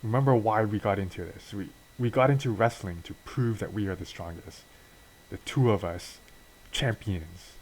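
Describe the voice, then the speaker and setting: A man's voice: on the low side, moderate pace, darkish tone, slight background noise, natural voice, poor audio. Cocky young wrestler, voiced by a man, upbeat and pumped, raised voice. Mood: encouraging.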